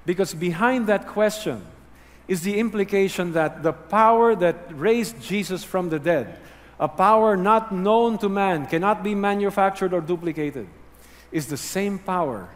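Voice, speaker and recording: A man preaching a sermon, earnest and teaching, dropping low and quiet to stress key words. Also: a little slow, big-room sound. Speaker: pastor.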